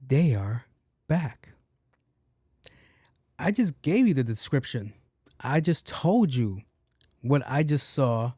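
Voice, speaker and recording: A man of ordinary pitch hosts a solo podcast, spinning a comic story as a loose, profane rant. He acts out the other people in the story as he goes. The sound is close and dry, with no room around it. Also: darkish tone, dry recording. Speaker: podcast host.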